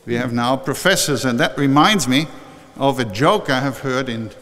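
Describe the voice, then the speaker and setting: An older man giving a warm, conversational acceptance speech at a formal ceremony, often restarting and correcting himself. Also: medium pitch, normal speed. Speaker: honorary doctorate recipient giving an acceptance speech. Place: large historic chapel hall. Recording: long reverb from a large hall.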